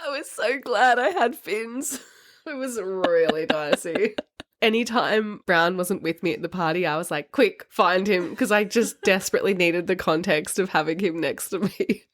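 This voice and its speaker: A young woman co-hosting a book podcast, telling rambling stories that keep dissolving into giggles. Her voice sits at an ordinary middle pitch. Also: moderate pace. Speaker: podcast co-host. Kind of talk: casual chat.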